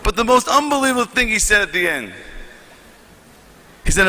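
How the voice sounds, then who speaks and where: A man with a very high, piercingly bright voice addresses a conference with fervor, his delivery swelling into shouts. The sound carries a long reverb from a large hall. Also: big pitch swings, moderate pace, long pauses. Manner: fervent, rising to shouts, reads letters aloud. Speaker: conference speaker. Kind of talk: impassioned speech to an audience.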